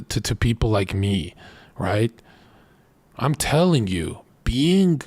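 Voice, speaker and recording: A man streamer ranting casual dating advice, blunt and profane, telling stories with animated voices. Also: medium pitch, breathy edge, no echo.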